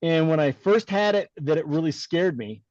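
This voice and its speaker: Middle-aged male podcast co-host, blunt, animated storyteller, slightly high-pitched, dull lo-fi sound. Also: normal speed, no echo. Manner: animated storyteller who acts out quoted dialogue; blunt, swears casually. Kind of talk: casual storytelling chat.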